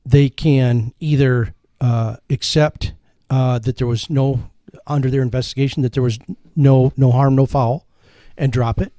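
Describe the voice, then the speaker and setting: A man talks in a folksy, lecturing way and leans on patriotic phrases as he explains a legal process. His voice is mellow and dark in tone. The sound is dry and close. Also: medium pitch, fairly even intonation, measured pace, few pauses, dry recording. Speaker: complainant talking on a local political show. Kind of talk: casual political talk.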